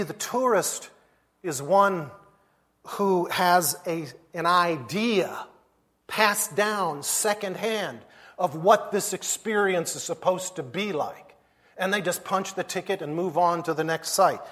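A man's voice: on the high side, a bit bright. A man preaching a sermon as pastor, emphatic and repeating refrains to his congregation.

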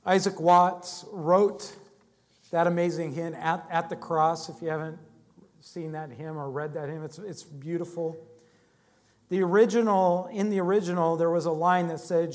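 A man's voice: on the high side, fairly even intonation, moderate pace. A man preaching a sermon, shifting between conversational storytelling and emphatic, dynamic delivery. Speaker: pastor.

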